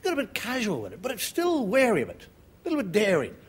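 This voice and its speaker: A man's voice: high voice, wildly swooping pitch, quick pace, husky. A man with an Irish accent doing a stand-up monologue on television, acting out the voices of the people in his story. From Ireland. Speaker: stand-up comedian. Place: television studio with live audience. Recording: audience laughter and noise behind. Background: audience laughter.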